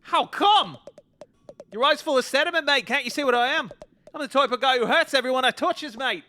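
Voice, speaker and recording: A man's voice: very high voice, fairly quick, pushed and bright, pitched above the performer's own voice. A man voicing a gloomy loner male crab who talks brusquely in sailor slang in a video game. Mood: gruff.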